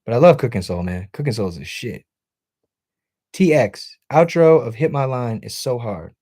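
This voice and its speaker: A male streamer talking off the cuff from a home setup, loose and profane. His pitch swings widely as he talks, lively and animated. He reads out viewer comments and throws questions to the room. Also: moderate pace. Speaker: livestream host. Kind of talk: casual chat with stream viewers.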